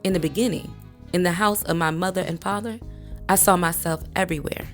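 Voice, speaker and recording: A woman reading a memoir aloud in a measured, even audiobook narration. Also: fairly low pitch, soft background music. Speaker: book reader.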